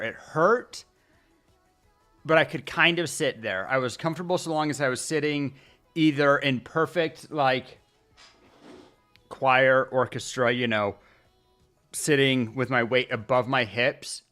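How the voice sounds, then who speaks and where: A male streamer chatting casually, rambling along with pauses and restarts as he talks into his desk mic. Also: medium pitch, pushed and bright, soft background music. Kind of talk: casual livestream chat. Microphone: desk mic at streaming setup.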